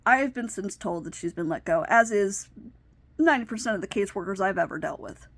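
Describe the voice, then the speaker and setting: A woman's voice: mid-range voice, expressive, fairly quick, fairly bright tone, no echo. A woman in her thirties telling a personal story with emotional, indignant retelling. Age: 30s. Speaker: vlogger.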